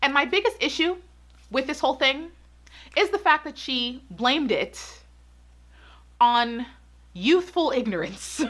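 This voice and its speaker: Fired-up woman with a bright voice. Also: sits high, animated, measured pace, long pauses, a little hiss or hum. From United States. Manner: emphatic, repeats points for stress, gets worked up. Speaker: pageant commentary YouTuber. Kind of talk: opinionated commentary vlog.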